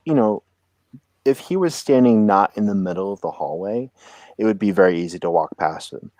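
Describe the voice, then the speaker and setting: Guy running a tabletop rpg, lowish mellow voice, keeps asking the players what they do. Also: no echo. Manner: asks players questions, describes scenes. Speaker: game master. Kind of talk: narrating a tabletop game.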